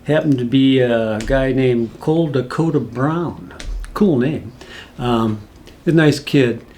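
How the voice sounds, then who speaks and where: A man's voice: mid-range voice, takes it slowly, darkish tone. A man casually telling a rambling, folksy personal story, full of asides. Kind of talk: casual spoken anecdote.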